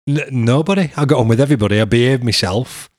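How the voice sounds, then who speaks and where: A man's voice: medium pitch, quick pace, dry recording, clean studio sound. A middle-aged man, hosting a podcast and chatting casually with his son, laughing often. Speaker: podcast host.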